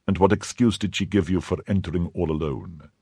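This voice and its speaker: A man's voice: sits low, fairly even intonation, husky, no echo, clean studio sound. A man doing a cold, calculating cardinal. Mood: probing. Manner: measured, probing, quietly commanding. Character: powerful older male cardinal, cold, calculating.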